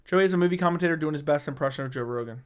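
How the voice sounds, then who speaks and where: A man's voice: on the high side, racing, clear, resonant tone. A man hosting a casual livestream, reading viewer comments and answering bluntly, often swearing and repeating himself. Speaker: MMA livestream host. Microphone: studio dynamic microphone.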